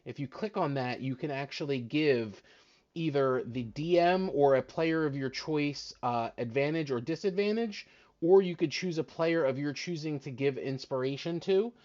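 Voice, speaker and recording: A man's voice: on the high side, normal speed, a little mellow, lo-fi sound. A man narrating as dungeon master on a live-streamed tabletop game, casual and rambling with fillers.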